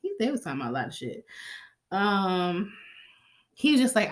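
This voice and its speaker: A woman's voice: medium pitch, lively intonation, brisk. Chatty woman recapping a TV episode. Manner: chatty, profane, acts out characters' lines. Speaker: TV recap vlogger.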